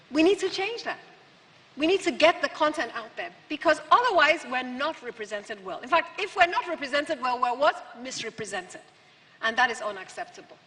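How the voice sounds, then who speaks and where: A woman's voice: high voice, fairly bright tone. Punchy woman speaking in a big hall. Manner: rhetorical, punchy repetition. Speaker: keynote speaker. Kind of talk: conference speech. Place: large conference hall. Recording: hall reverb from the PA.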